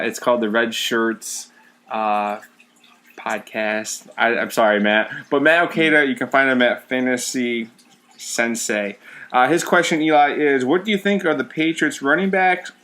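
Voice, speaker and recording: A man co-hosting a podcast in casual chat, relaxed and stumbling through fillers. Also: mid-range voice. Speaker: podcast co-host.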